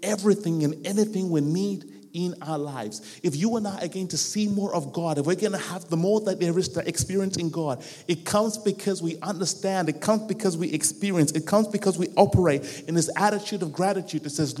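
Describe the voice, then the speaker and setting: Guest preacher, man, higher voice, rhythmic repeated phrases, church hall reverb. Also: brisk, few pauses, darkish tone, slightly rough. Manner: rhythmic repetition, acts out quoted voices. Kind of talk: sermon. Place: church hall with a live band.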